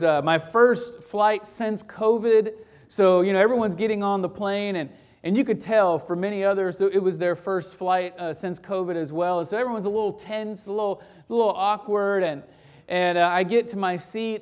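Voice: medium pitch, a little mellow. A pastor leading a closing prayer and telling an anecdote in a conversational sermon, often restarting phrases. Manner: conversational storytelling with frequent restarts.

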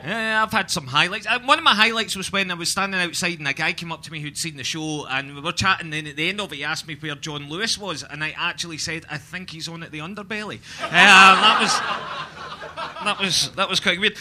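A man's voice: a little high, bright, forceful tone. A Scottish man doing a live stand-up set, telling punchy stories with swearing. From Scotland. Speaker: stand-up comedian. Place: comedy venue with live audience.

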